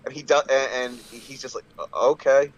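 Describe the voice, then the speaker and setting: A man's voice: medium pitch, fairly even intonation, brisk, fairly bright tone, rough recording. A man chatting casually on a podcast, swearing freely and laughing often. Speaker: wrestler guest.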